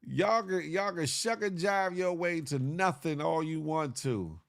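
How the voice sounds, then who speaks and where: A man's voice: high-pitched, clean tone, no room sound, clean studio sound. A man hosting a casual morning livestream show, giving a repetitive, motivational rant full of slang and laughter.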